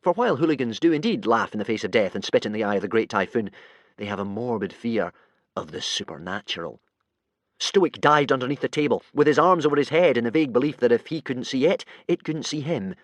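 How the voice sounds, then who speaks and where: Lively male audiobook narrator. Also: mid-range voice, fairly quick, dry recording. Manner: lively, voices many characters. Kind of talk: expressive audiobook reading.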